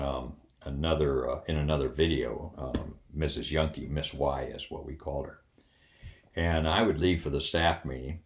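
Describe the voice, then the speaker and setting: A retired Air Force officer, now an older man, shares personal anecdotes with wry humor in a folksy, lively manner. His pitch is extremely low.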